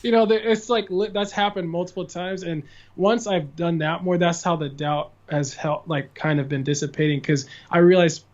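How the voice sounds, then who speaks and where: A young man in his twenties from California, a guitarist and singer, chatting as a podcast guest, telling stories with lots of "like" fillers and quick laughs. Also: a little high, fairly even intonation, muffled recording. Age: 20s. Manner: chatty storyteller, many "like" fillers, laughs often. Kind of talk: casual podcast conversation.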